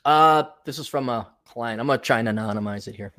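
A man's voice: medium pitch, quick pace, sharp tone. A man hosting a podcast, ranting in an exasperated, sarcastic and profane way. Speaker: podcast host. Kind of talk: ranting monologue.

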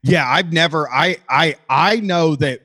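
A man's voice: a little high, measured pace, pushed and bright. Man reading a listener letter aloud. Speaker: podcast co-host.

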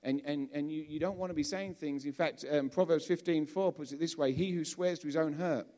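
English man preaching in a relaxed, chatty sermon. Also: a little high, fairly quick. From England. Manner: conversational, with frequent restarts and repeated words.

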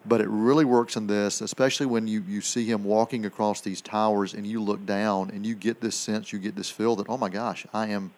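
A man's voice: on the low side, level tone, fairly quick, hardly any pauses, darkish tone. A man co-hosting a radio film segment, reviewing movies in casual chat, rambling with many fillers and restarts.

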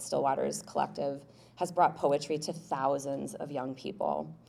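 Low, gravelly-voiced woman presenting at a ceremony. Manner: reads prepared remarks with frequent um fillers. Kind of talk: formal introduction speech.

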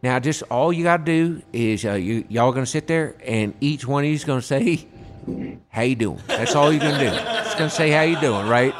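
A man's voice: medium pitch, moderate pace, a little hiss or hum, close to an everyday voice. A man voicing a small, polite Southern male commercial director with a Southern US accent, patiently giving instructions in a drawl. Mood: coaxing.

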